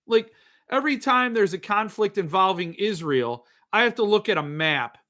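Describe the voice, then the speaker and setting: A man's voice: high voice, animated, moderate pace, bright, forceful tone. A middle-aged man hosting a podcast, chatting casually in a rambling, jokey, self-mocking way. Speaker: podcast host. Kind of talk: casual chat.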